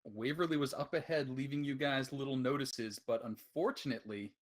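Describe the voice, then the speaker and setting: A man running a tabletop game, chatting casually and haltingly over a computer voice call. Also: mid-range voice. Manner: halting, self-deprecating, restarts often. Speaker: game master. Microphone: computer mic on voice call.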